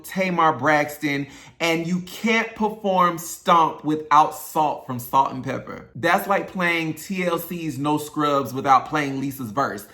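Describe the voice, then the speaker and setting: A man's voice: a little high, sharp tone. A man hosting his own channel, giving a casual, opinionated recap of an awards show and talking straight to his viewers. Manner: chatty and opinionated, addresses viewers directly. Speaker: YouTube host, singer.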